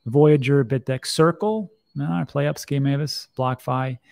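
Middle-aged guy rambling thru crypto news, gravelly voice, kinda wry and offhand. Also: mid-range voice, a little slow, a little mellow. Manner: chatty, wry asides, restarts. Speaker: crypto commentator. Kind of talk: casual commentary.

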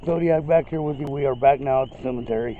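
A man's voice: mid-range voice, fast, phone-quality sound, a little hiss or hum. A man vlogging casually from an outdoor cemetery, calling out to spirits in a raised voice as a paranormal investigator.

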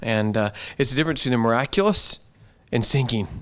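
Male pastor, mid-pitched voice, conversational sermon delivery, earnest and repetitive, church setting. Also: a little fast, a bit bright, clear, resonant tone. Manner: earnest, conversational preaching with repeated phrases.

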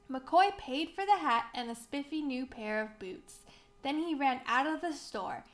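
A woman reading a children's picture book aloud, slow, clear and expressive for young children. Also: high-pitched. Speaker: museum storybook reader.

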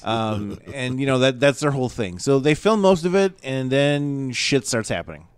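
A man co-hosting a casual podcast about films, animated and swearing, who acts out what others said. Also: mid-range voice, moderate pace, clean tone, dry recording. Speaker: podcast co-host. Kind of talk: casual chat about film.

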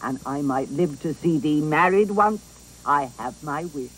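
A garrulous old nurse rambles fondly through her memories in a slow, unhurried stage delivery. Her voice swoops widely from low to high, chuckling as it goes. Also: expressive, a little hiss or hum, rough recording. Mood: fond rambling. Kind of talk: theatrical Shakespeare performance.

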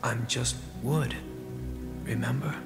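An earnest nutcracker prince. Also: male voice, mid-range voice, takes it slowly, over loud music. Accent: British. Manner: calm, sincere. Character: earnest young nutcracker prince, brave and loyal.

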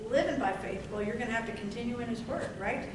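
A woman preacher delivering a fervent sermon, stretching out scripture lines with emphatic, drawn-out delivery. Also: a little high. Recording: echoey room from far off, noisy.

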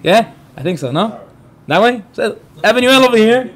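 Before a live group, a rabbi gives an energetic Torah lesson, his man's voice pitched high and ranging broadly up and down. He narrates stories with gusto, performs the quoted figures, and quizzes the listeners in the room.

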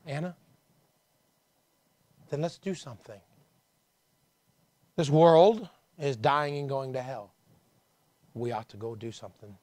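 Man preaching, swinging loud and soft. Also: mid-range voice, takes it slowly, long pauses, no room sound. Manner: conversational preaching, swinging from hushed to emphatic. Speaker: pastor. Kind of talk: sermon. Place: church.

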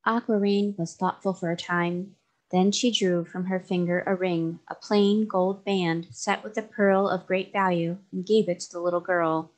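A woman narrating a children's novel aloud in a steady, even way. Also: lowish voice, moderate pace. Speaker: storybook reader.

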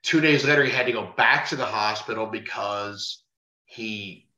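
A bouncer appearing as a podcast guest tells a story from the bar in casual, freely profane talk, imitating the voices of the people involved. His voice sits on the low side, with a sharp tone and normal speed. The recording sounds roomy and dull.

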